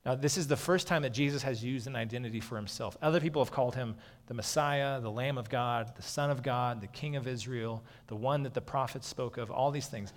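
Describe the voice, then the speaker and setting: A man's voice: medium pitch, brisk, few pauses. A man giving a sermon in a casual, talking-it-through manner, his mid-range voice carried on the long reverb of a large hall. He often checks in with the listeners by saying "okay". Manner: conversational, frequently saying "okay". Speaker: pastor.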